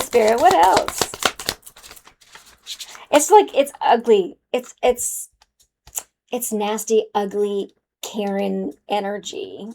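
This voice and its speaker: A woman's voice: a little high, warm tone. Sassy woman reading tarot to camera. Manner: sassy, calls the viewer honey. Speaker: tarot card reader. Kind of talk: casual spiritual card reading to camera.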